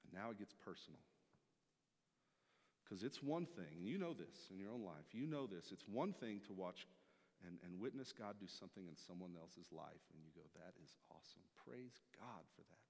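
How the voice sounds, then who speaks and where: A man preaching a sermon from a church stage, emphatic, swinging from loud to hushed. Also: sits low, lively intonation, normal speed. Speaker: pastor. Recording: long hall reverb.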